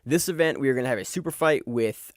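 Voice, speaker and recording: A man co-hosts a casual sports podcast, rattling through upcoming matches at a quick clip. He is excitable and loose, with the odd curse thrown in. The mic is close and dry, with no room sound. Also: medium pitch, no echo. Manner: fast, excitable, swears casually. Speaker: podcast co-host.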